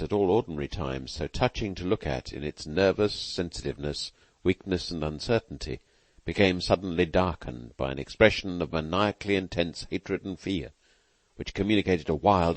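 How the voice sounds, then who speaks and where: A man narrating a classic novel as an audiobook in a measured, earnest reading. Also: sits low, no echo. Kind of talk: scripted narration.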